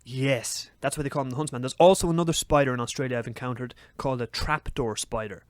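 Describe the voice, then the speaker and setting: A young man telling a story on a podcast, swearing freely and acting out his own frantic shouts. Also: mid-range voice, fast talker, no echo, studio quality. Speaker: podcast co-host. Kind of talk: casual storytelling chat.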